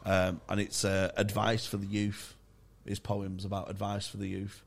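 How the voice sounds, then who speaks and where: A man's voice: on the low side, completely flat delivery, vocal fry. Young man, comedy podcast co-host, sweary anecdotes broken up by laughs. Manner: sweary and laughing, rapid bursts. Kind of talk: casual chat, comic storytelling.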